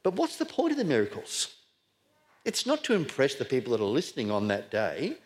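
A man's voice: mid-range voice, huge pitch swings, brisk. A middle-aged man born in Scotland, preaching a sermon with rhetorical questions and repeated words for emphasis.

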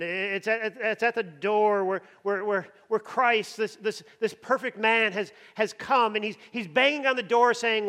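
A man's voice: high-pitched, unhurried, pushed and bright. A man preaching a sermon with emphasis, often repeating words as he builds up. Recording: long hall reverb.

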